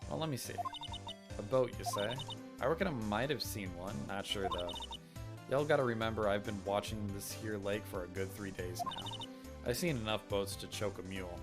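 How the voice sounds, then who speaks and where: A man voicing a loud, pushy country woman photographer who says y'all and talks in folksy sayings, reading game dialogue aloud. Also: fairly low pitch, normal speed, close to an everyday voice. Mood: friendly. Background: game music.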